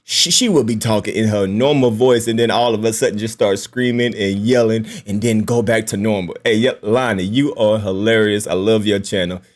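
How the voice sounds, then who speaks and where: A man's voice: fairly low pitch, steady tone, moderate pace, few pauses. A man hosting a casual commentary video, talking in loose, joking slang. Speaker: YouTube commentary host.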